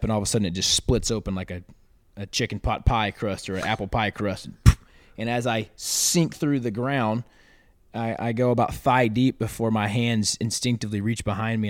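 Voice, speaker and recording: Animated man telling a story. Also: lowish voice, no room sound, studio quality. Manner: animated storyteller, acts out quotes loudly. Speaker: podcast guest, athlete. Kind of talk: casual storytelling in interview.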